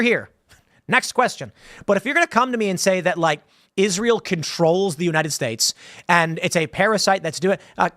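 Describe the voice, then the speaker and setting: Talkative male host, higher voice. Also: a bit bright, no room sound, studio quality. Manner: rambling, conversational, with many restarts and acted-out quotes. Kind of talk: casual commentary reading viewer questions.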